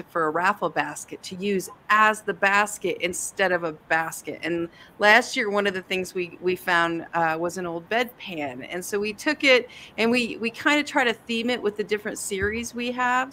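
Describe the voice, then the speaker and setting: A woman's voice: medium pitch, pushed and bright, slight background noise. A woman hosting a casual livestream chat with a guest, chatty and laughing often. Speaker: host, author.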